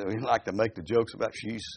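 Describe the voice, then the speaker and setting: A man preaching a sermon. He reads scripture aloud slowly, breaks into folksy asides, and keeps asking his listeners questions. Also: lowish voice, a little hiss or hum. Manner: animated, asks the listeners questions.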